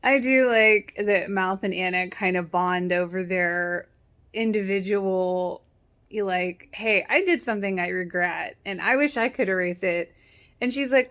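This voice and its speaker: A woman's voice: fairly high pitch, expressive, unhurried, fairly bright tone. A young woman casually recapping a TV episode, sarcastic and chatty, acting out the characters' lines as she goes. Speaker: TV show reaction vlogger.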